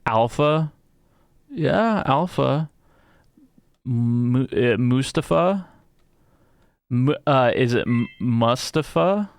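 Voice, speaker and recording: A man's voice: medium pitch, drawn-out words, pauses often, smooth, dry recording. A man streaming a game, rambling casually, swearing often and riffing on silly name puns. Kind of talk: casual live-stream chatter while gaming.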